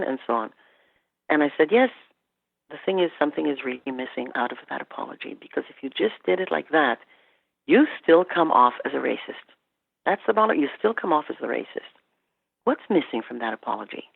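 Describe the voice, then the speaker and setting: Woman from Canada, podcast guest, animated storyteller, gravelly edge, tinny phone-line sound. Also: a bass voice, brisk, dry recording. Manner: animated storytelling, quoting herself and clients. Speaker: guest expert on workplace incivility. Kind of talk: podcast interview.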